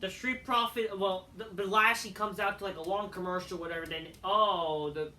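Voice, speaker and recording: A woman's sharp, medium-pitched voice stays fairly even as she talks at normal speed, casually ranting through a wrestling show review with frequent swearing and dismissive asides. She sits far from the mic in an echoey room with slight background noise.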